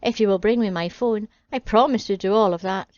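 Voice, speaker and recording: A woman's voice: medium pitch, a little fast, darkish tone, no echo, lo-fi sound, natural voice. A woman doing a snobbish princess. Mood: haughty. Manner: haughty, scornful. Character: spoiled snobbish young princess.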